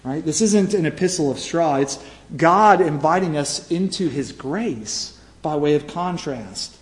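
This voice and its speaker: Speaking at a measured pace with a slightly high, animated voice, a man tells a story as part of a conversational sermon. Fillers and "right?" asides come up often, and the hall echoes around him.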